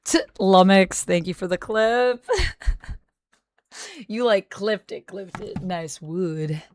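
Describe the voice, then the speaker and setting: A woman's voice: mid-range voice, takes it slowly, slight background noise. A young woman live-streaming, chatting casually and playfully with her viewers and thanking them. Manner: playful, teasing banter with chat.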